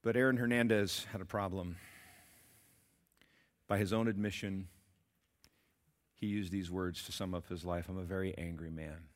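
A man preaching a sermon, asking his congregation questions and swinging between loud emphatic peaks and quiet low passages. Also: steady tone, moderate pace, long pauses. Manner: asks the congregation rhetorical questions. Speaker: pastor.

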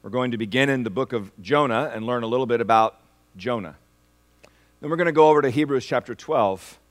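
A man preaching a sermon as pastor, asking the congregation for responses and swinging from hushed, slow lines to loud, rising ones. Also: fairly low pitch.

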